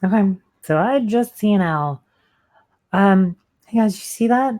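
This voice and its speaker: A woman's voice: mid-range voice, lively intonation, measured pace, darkish tone. A woman playing a tabletop game, chatting casually in character and out of character. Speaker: player.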